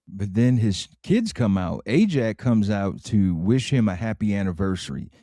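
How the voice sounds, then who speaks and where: Lower-voiced man recapping, dry sound. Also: sing-song, normal speed, mellow, no echo. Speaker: podcast co-host. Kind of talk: casual chat, reading show notes.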